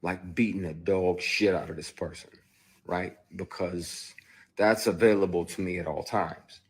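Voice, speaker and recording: A man with a very low, husky voice tells a story candidly over a phone livestream. He speaks with heated emphasis, pushing into loud bursts before dropping back down. The grain in his voice stays rough throughout. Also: fairly even intonation, measured pace. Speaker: actor. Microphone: phone on a live stream.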